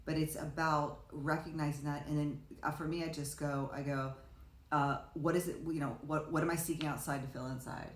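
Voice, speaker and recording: A low-pitched woman chats on a podcast, rambling and restarting as she tells her stories. She acts out what people said. The room gives her voice a roomy echo. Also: fairly even intonation, brisk. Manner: rambling storyteller, many restarts, acts out quotes. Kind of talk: casual conversation.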